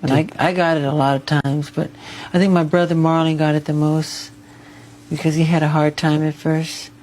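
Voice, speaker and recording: A man giving a television interview. He speaks softly and haltingly. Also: a little high, level tone, poor audio.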